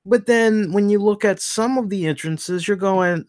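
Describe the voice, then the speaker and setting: A man hosting a wrestling review show in a casual chat, animated and acting out the voices he quotes. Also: high-pitched, unhurried, dry recording, clean studio sound.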